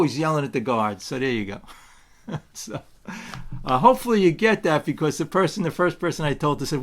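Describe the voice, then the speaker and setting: A man's voice: fairly high pitch, animated, fairly quick, fairly bright tone. A man speaking casually at a twelve-step meeting, rambling with frequent restarts and asides, and telling stories with acted-out quotes. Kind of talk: casual spiritual talk.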